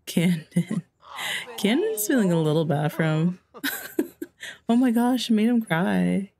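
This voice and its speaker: Female let's play host, casual gameplay commentary, gravelly low voice with a mellow, dark tone; chatty and exclamatory, voices the characters' lines herself. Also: big pitch swings, a little slow. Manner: chatty, exclamatory, laughs at the game; acts out characters' lines in her own voice.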